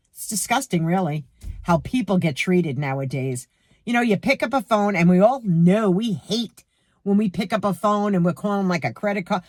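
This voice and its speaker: A middle-aged woman with a New York accent ranting to her viewers about a rude cashier, heated and animated, speaking to them directly. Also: medium pitch, normal speed, no echo, studio quality. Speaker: vlogger. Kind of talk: storytime rant to camera.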